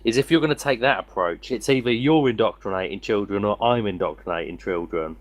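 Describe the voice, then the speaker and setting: A man's voice: lowish voice, fairly quick. A man co-hosting a podcast, explaining in a rambling way with many fillers. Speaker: podcast co-host. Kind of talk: casual chat.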